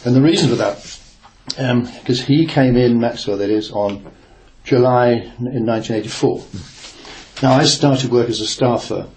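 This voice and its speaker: An older man reminisces in an oral-history interview, his story meandering through hesitations and restarts. His voice sits at an ordinary pitch, and a faint hiss of noise lies under the recording. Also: moderate pace, a little mellow. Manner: rambling, hesitant, with many fillers and restarts. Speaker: interviewee, former newspaper reporter.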